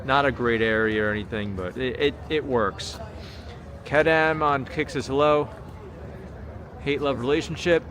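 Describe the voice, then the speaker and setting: A man's voice: mid-range voice, a little slow, long pauses, a bit bright. An American man livestreaming from a city street at night, chatting casually and reading viewer comments aloud. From United States. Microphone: small handheld camera mic. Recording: outdoor street noise. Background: city street traffic noise.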